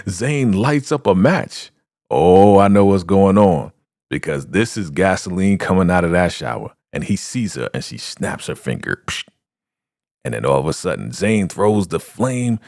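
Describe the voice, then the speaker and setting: Animated man recapping a TV episode. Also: fairly low pitch, no echo, clean studio sound. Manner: animated retelling that acts out the scenes. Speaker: TV recap vlogger. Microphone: studio podcast microphone.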